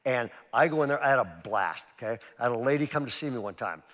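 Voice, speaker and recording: A middle-aged pastor preaching to a seminar audience, telling stories with lively jokey asides. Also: male voice, medium pitch, fast. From California. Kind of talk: sermon at a parenting seminar. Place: large church auditorium. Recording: long reverb of a large church hall.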